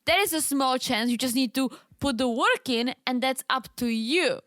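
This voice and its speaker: A woman's voice: high-pitched, normal speed, a bit bright, no echo, studio quality. A woman co-hosting a podcast, giving opinionated reality TV recaps and acting out quotes. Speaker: podcast co-host. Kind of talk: casual reality TV recap chat.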